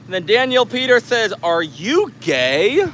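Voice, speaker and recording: Man, from the US, livestream host, jokey, high-pitched, faint traffic behind. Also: sing-song, measured pace, fairly bright tone. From United States. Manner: jokey, laughs often, reads comments aloud. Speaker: livestream host reading chat. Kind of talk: casual live chat. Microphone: handheld camera mic.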